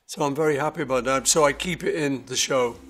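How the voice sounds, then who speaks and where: A man being interviewed about his songs, telling stories in a relaxed, rambling way with many self-corrections. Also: mid-range voice, fast talker. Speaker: interviewee musician. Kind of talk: casual anecdotal storytelling.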